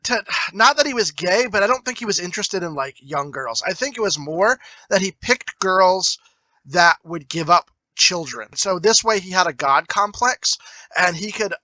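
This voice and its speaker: A man's voice: high-pitched, lively intonation, moderate pace, sharp tone, no room sound, poor audio. A man co-hosting a casual movie review podcast, laying out theories about the story. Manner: explains plot theories, thoughtful, occasional crude jokes. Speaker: podcast co-host.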